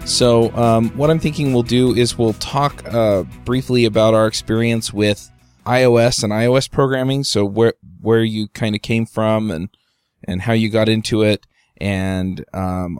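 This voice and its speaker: A man hosting a podcast, friendly and halting, with frequent filler words as he introduces the show. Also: fairly low pitch, dry recording, studio quality. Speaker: podcast host.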